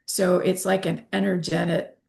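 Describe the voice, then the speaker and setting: Woman, fifties, slightly low voice, interview guest, candid, animated. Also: normal speed, gravelly. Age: 50s. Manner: animated, acts out quoted dialogue.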